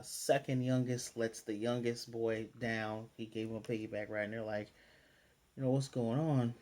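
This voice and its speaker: A man with an ordinary mid-pitched voice reviews an anime episode in a relaxed, chatty way. He retells each scene as he goes and slips in quick paraphrased character lines. His delivery is loose, full of fillers and restarts. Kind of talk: casual episode recap and review.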